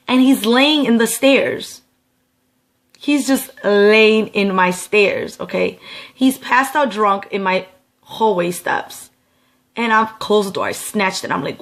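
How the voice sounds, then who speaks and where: A woman's voice: medium pitch, fairly bright tone. Emphatic, profane young woman vlogger. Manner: emphatic, profane, keeps checking in with "okay?". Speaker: beauty vlogger. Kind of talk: storytelling vlog.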